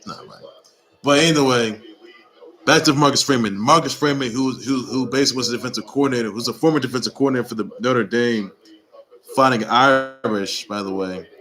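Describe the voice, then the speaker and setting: Bright-voiced man rambling through sports news. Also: medium pitch, fairly quick, poor audio. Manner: rambling and repetitive, with emphatic exhortations. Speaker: sports report host. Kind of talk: casual sports news commentary.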